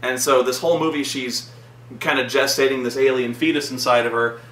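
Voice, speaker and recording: A man's voice: mid-range voice, steady tone, a little fast, a bit bright. Rambling man in an echoey room. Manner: rambling, lots of "like", swears freely. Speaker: vlog host. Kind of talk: casual movie recap chat. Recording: echoey room, mic far off, faint noise.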